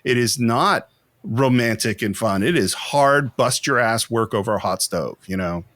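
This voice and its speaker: A man co-hosting a podcast, chatting casually and in an animated way about a film, acting out quotes as he goes. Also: mid-range voice, dry recording. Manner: animated, quick asides, acts out quotes. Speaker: podcast co-host.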